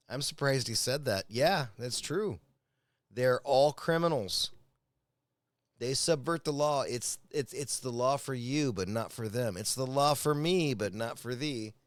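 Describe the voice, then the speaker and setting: A man with a medium-pitched voice reacts to a clip in a casual, profane and agitated rant. He often stumbles and repeats words. There is no echo.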